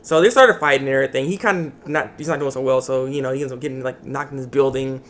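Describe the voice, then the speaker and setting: A man's voice: medium pitch, quick pace, a bit bright. A young man casually recapping an anime episode for his video channel, rambling with lots of fillers. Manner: rambling, filler-heavy storytelling. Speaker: anime reviewer.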